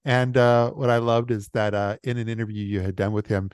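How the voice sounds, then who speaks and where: Fast-talking male interviewer, dry sound. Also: fairly low pitch, level tone, a little mellow, clear, resonant tone, no echo. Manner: fast, with frequent fillers and quick affirmations. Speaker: interviewer, host. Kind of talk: casual interview chat.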